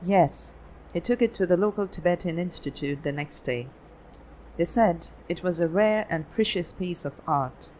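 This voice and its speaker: Reader doing friendly bearded male photographer, about thirty, polite, measured, audiobook, faint noise behind. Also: mid-range voice, animated, a little mellow, natural voice, low-quality recording. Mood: puzzled. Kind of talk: audiobook reading.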